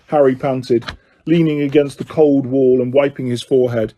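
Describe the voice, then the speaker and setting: A man reading an audiobook with lively, dramatic storytelling. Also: medium pitch, moderate pace. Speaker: audiobook narrator. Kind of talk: scripted narration.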